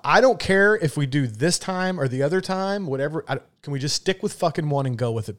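A man's voice: on the high side, expressive, a little fast, few pauses, a bit bright. A man co-hosting a casual podcast, ranting and swearing freely. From Florida, USA. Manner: profane, ranting, exasperated. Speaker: podcast co-host.

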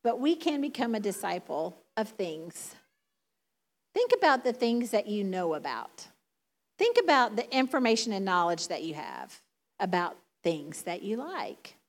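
A middle-aged woman preaching a sermon in a chatty, conversational way, laughing often. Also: mid-range voice.

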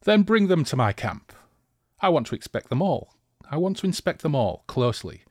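A cruel warlord, put on by a man, savouring every word with malicious, theatrical delight. The voice rises above the reader's usual low tone and pushes loud. It is dry and close, with no room around it. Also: big pitch swings, moderate pace, dry recording. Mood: gloating. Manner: gloating, theatrical, laughing. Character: malicious male warlord, deep musical gloating voice.

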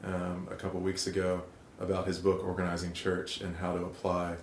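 A man hosting a faith discussion who moves it on to a recorded talk, steady and flat. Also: low-pitched, normal speed, reverberant, slight background noise. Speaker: podcast host. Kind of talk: show transition.

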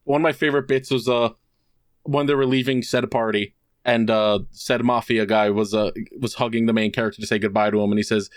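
A man's voice: medium pitch, fairly even intonation, fairly quick, smooth, no echo, studio quality. A man co-hosting a casual podcast, telling a long story full of fillers and acting out the quotes. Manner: rambling storyteller, many fillers, acts out quotes. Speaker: podcast co-host. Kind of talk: casual chat.

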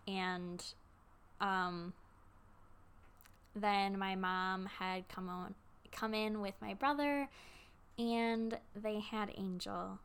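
A young woman in her twenties, close to tears, telling a personal story to camera in a halting way with many pauses and fillers. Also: mid-range voice, steady tone, fairly bright tone, smooth. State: tearful, close to crying. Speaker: vlogger.

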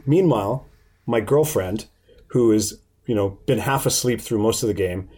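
A man telling a story in casual chat, animated, swearing and laughing often. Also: on the low side, normal speed.

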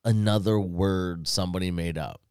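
A man, a father, chatting casually with friends in a relaxed, animated way, laughing often and leaning on "like" as a filler. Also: sits low, normal speed, clean tone, dry recording, clean studio sound. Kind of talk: casual chat.

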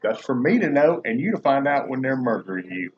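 A man's voice: mid-range voice, very animated, a little fast, slightly rough. A man in casual comedic chat, tossing out dry wisecracks with Southern slang. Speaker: co-host. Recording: dull lo-fi recording with faint noise.

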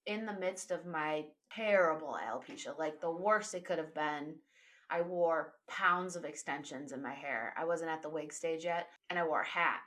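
A young adult woman in casual chat, telling animated stories and laughing often. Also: sits low, normal speed.

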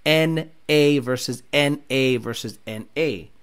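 A man's voice: slow, clean tone. A man hosting a car channel, ranting at viewer comments in a mocking, profane way. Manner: mocking, profane, swings between low mutters and loud jabs.

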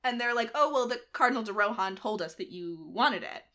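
A young adult woman co-hosting a podcast, retelling history in a casual, animated way and acting out the quotes. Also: on the high side, a little fast. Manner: animated retelling with acted-out quotes and frequent laughs. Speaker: podcast co-host. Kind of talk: casual storytelling chat.

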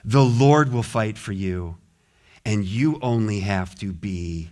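A man preaching a sermon in a church, lively and often acting out the voices of a grumbling crowd. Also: on the low side, takes it slowly. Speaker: pastor. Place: church sanctuary.

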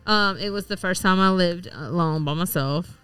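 A woman chats casually as a podcast co-host, her voice bright and smooth, with faint music in the background. She talks freely, laughs often and swears without a second thought. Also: fairly low pitch, moderate pace, no echo. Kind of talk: casual chat.

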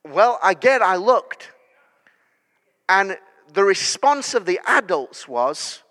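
Casting: high, bright-voiced preacher, slow storytelling rising to declarations, church hall reverb. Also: male voice, expressive. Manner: storytelling that builds to loud declarations. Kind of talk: sermon.

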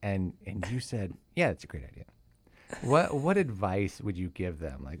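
A man's voice: sits low, very animated, normal speed, breathy edge, no echo. A man hosting a podcast, asking his guest question after question in a casual chat. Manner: curious, asks lots of questions. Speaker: podcast host.

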